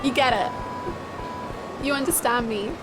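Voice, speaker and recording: A woman's voice: a little high, unhurried. A young woman giving playful, theatrical commentary while live-streaming a video game. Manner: playful and theatrical, swinging into mock drama. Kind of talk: casual live gameplay commentary. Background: game music.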